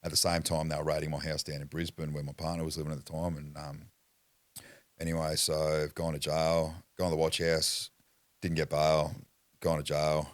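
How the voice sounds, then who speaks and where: A man's voice: a bass voice, completely flat delivery, moderate pace, dry recording. An Australian man telling his life story as a podcast guest in blunt, profanity-heavy talk that rambles and restarts. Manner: blunt, swears constantly. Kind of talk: candid personal storytelling.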